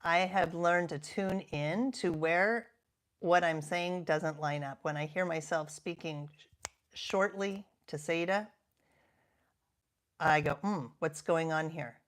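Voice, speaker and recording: A woman in her fifties giving a reflective self-help talk as a coach. Her voice sits a little low, and her delivery is gentle and earnest. She often slows and drops to a soft half-whisper to stress a point. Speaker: coach and podcast host.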